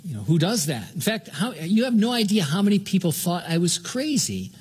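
An older man delivering a sermon, his voice somewhat husky and pitched a little high for a man. He preaches earnestly but conversationally, often restarting his sentences as he goes. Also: sing-song, brisk. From Southern California. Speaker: pastor.

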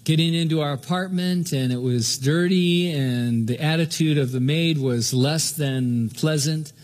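A man's voice: a little high, unhurried, a little mellow. An older man from Southern California preaching a sermon as pastor, in an earnest, conversational way that often stops and restarts mid-sentence.

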